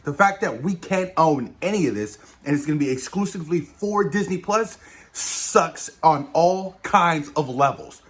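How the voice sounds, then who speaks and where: A man with a fairly high voice talks through a TV episode in a loose, excited spoiler review. He gushes, swears casually and keeps addressing his viewers, and his voice sinks low and quiet as his phrases trail off. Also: moderate pace. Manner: enthusiastic, keeps saying "you guys", swears casually. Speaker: show reviewer.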